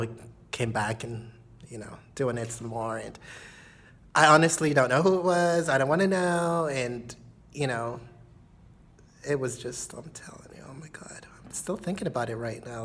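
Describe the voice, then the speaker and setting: A vlogger telling a personal story in a casual confessional monologue, rambling with lots of fillers and repeated catchphrases, sometimes dropping into breathy near-whispers. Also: mid-range voice, fairly bright tone. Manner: breathy, dreamy asides that drop to a whisper.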